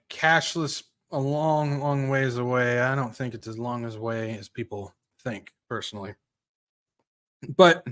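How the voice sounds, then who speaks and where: A man's voice: medium pitch, a bit bright. Offhand male podcast host. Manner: offhand, self-correcting, asides to listeners. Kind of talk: casual commentary reading news aloud.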